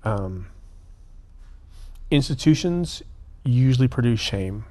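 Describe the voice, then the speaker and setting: A man, a prison minister and guest, telling a story in an earnest, animated way and acting out the dialogue. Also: medium pitch, slow. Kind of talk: conversational storytelling.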